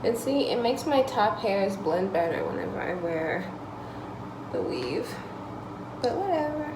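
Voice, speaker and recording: A woman's voice: mid-range voice, very animated, a little slow, noisy background. A woman in her twenties telling a story in a casual vlog at home, acting out both sides of the exchange and swearing freely. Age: 20s. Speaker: vlogger. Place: home, in the evening. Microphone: phone or camera held close.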